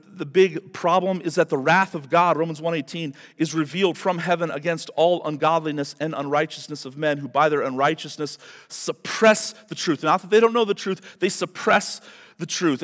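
A man preaching a sermon as pastor, swinging from quiet, low remarks to loud, emphatic declarations. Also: big-room sound.

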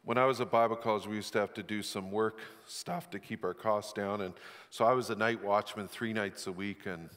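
A man's voice: lowish voice, fairly even intonation, a little fast, a bit bright, long reverb tail. A middle-aged male pastor preaching a sermon, with candid, self-deprecating stories. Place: church sanctuary.

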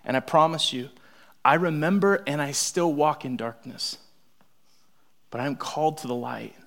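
A young adult man gives a sermon to his congregation, mixing scripture with humorous everyday stories. His voice sits a little high and stays animated, jumping from loud exclamations down to hushed, intimate asides. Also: moderate pace, creaky. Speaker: pastor.

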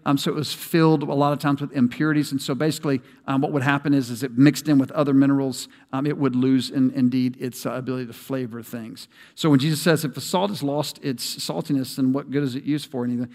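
A man's voice: mid-range voice, fairly even intonation, fast, few pauses, a little mellow. A man preaching a sermon as pastor, talking conversationally and building to emphatic peaks. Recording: long hall reverb.

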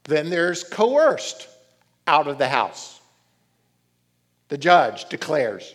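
Middle-aged male preacher, slightly high-pitched, animated storyteller. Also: slow pace, pauses often, husky. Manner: animated storytelling, reads scripture aloud. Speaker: pastor. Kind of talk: sermon.

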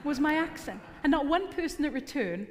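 A woman's voice: sits high, animated, a little fast. A middle-aged woman preaching a sermon in church, mixing earnest appeals with teasing humor. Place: church hall. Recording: long hall reverb.

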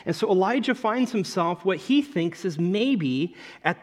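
A man preaching a conversational sermon, telling a Bible story with lively asides to his listeners. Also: high voice, moderate pace, few pauses. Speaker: pastor.

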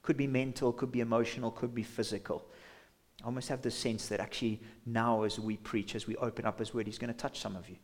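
A man's voice: medium pitch, level tone, fast talker. A man preaching a sermon as pastor in a church, passionate, sometimes acting out imagined voices. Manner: impassioned, acts out imagined inner voices.

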